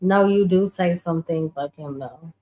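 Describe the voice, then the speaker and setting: Slow low-voiced woman host. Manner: relaxed, reacts with short murmurs. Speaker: podcast host. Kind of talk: casual chat.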